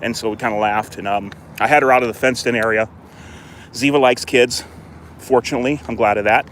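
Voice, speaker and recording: A man's voice: steady tone, brisk, a bit bright, slight background noise. A man talking casually and rambling while he plays with his dog outdoors by a fenced court, filmed on a handheld phone. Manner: chatty and rambling, lifts his voice high for dog praise. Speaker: dog owner vlogger.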